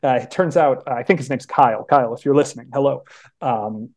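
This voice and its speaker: A man's voice: mid-range voice, a little mellow. A young adult man, a podcast guest, telling stories in casual chat with lots of restarts and acted-out quotes. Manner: chatty storyteller, frequent restarts and acted-out quotes. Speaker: podcast guest, sports beat writer.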